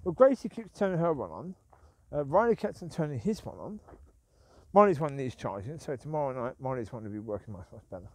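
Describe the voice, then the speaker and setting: Speaking fairly quickly, a man with a mid-range, slightly mellow voice swings widely in pitch, with no room sound. He's a vlogger rambling while walking his dogs outside at night, grumbling and saying things over again.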